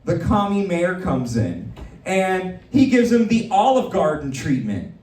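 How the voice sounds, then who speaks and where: A man hosting a live political comedy show, talking in a rambling, excitable way with lots of fillers. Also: high voice, a little slow. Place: comedy venue in a dispensary. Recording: echoey room, mic far off.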